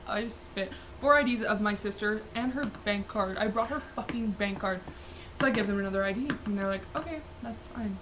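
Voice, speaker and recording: A woman's voice: medium pitch, a bit bright, a little hiss or hum. A young woman, telling a story casually with lots of "like" fillers, swearing and laughing. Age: young adult. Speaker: vlogger.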